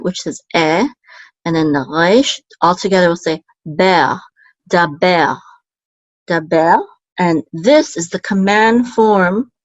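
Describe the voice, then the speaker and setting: A Hebrew teacher with a fairly low voice gives a patient, step-by-step language lesson, sounding out syllables slowly, repeating them, and sometimes stopping to correct herself. The recording is close, dry and dull, with no room sound.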